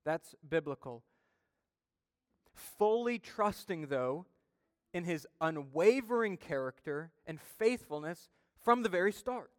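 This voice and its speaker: A man's voice: a little high, lively intonation, takes it slowly, smooth, no room sound, studio quality, in a large hall. A male pastor preaching a sermon, emphatic and building intensity as he retells stories.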